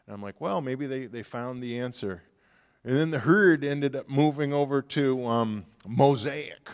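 A man's voice: medium pitch, moderate pace. Man preaching a conversational sermon. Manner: conversational storytelling, acts out quoted people. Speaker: pastor.

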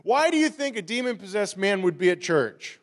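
A man preaches to his congregation, talking through the story in a loose, conversational way that turns animated. His voice sits fairly high for a man, and it rings out with the long reverb of a large church hall. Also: moderate pace. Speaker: pastor. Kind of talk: sermon.

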